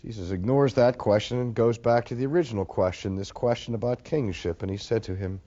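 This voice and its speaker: A man's voice: medium pitch, fairly quick, hardly any pauses, mellow. A male preacher delivering an emphatic sermon, with rhetorical questions to the audience, in a dull lo-fi recording.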